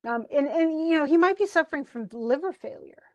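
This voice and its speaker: A woman's voice: sits high, expressive, fairly quick, lo-fi sound. A woman teaching a literature class, chatting about a play and reading lines aloud with frequent laughs. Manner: chatty, reads quotes aloud, laughs often.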